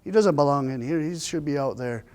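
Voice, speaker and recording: A man voicing his gentle, thoughtful elderly grandfather in a plain, earnest way within a spoken story. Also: fairly high pitch, fairly quick, natural voice.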